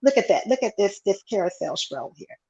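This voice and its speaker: A woman with a Southern Texas accent pitches her tea products in an exuberant, chatty livestream demo over an earpiece mic. Her voice is sing-song, creaky, and dark in tone, a little fast, with lo-fi sound.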